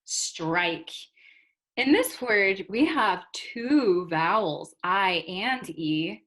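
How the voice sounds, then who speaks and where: A woman's voice: mid-range voice, lively intonation, fairly bright tone. A woman teaching English vocabulary to learners, carefully modeling and spelling out each word. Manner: slow, deliberate, spells out and models words.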